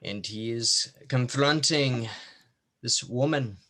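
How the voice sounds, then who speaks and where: A man's voice: medium pitch, slow, bright, forceful tone. A man playing a tabletop role-playing game, narrating his character's moves and speaking in a theatrical, in-character way. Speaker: player.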